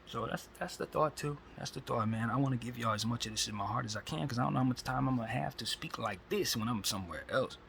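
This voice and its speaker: A man's voice: mid-range voice, quick pace, vocal fry, hardly any pauses, fairly bright tone, slight background noise, poor audio. A man giving a rambling, preachy spiritual monologue full of slang, recorded on a phone. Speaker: host.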